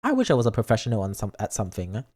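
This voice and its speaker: A man's voice: lowish voice, huge pitch swings, racing, darkish tone. A young man streaming as a vtuber, chatting casually with viewers, playful, with dramatic mock outrage and frequent stumbles over words. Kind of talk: casual livestream chat reading comments.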